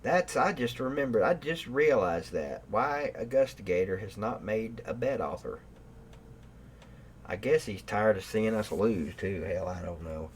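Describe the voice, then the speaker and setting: A man hosting a livestream, rambling and cursing with bursts of loud mock outrage at his live chat. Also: on the low side, expressive, measured pace, a little hiss or hum. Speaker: livestream host. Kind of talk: casual profane rant to live chat. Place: room at home.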